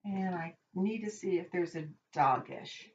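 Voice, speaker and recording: A woman's voice: fairly low pitch, measured pace, slight background noise. A woman teaching a casual Hebrew vocabulary lesson, chatting and thinking aloud as she double-checks her work. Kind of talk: informal recorded lesson. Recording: dull lo-fi recording.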